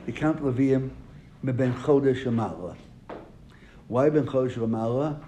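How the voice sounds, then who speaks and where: A man's voice: mid-range voice, unhurried, warm tone. A man teaching a classroom lesson, asking his students questions and then answering them. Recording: echoey room, faint noise.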